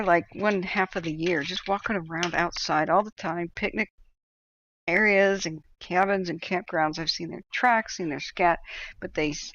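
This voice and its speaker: A woman's voice: on the low side, a bit bright, a little hiss or hum. A woman hosting a livestream from home, telling a rambling personal anecdote with chatty asides. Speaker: livestream host. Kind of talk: casual storytelling chat. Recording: dry, slightly dull sound.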